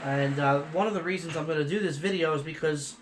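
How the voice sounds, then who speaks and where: A man's voice: fairly high pitch, quick pace. A man in his thirties vlogging casually from a trade show on a phone camera, rambling and emotional, repeating "you know" as he talks. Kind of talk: casual vlog.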